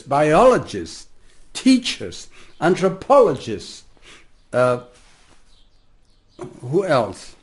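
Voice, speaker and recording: A man with a German accent giving a rambling spiritual talk as a teacher, laughing often and swinging from soft asides to loud declarations. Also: medium pitch.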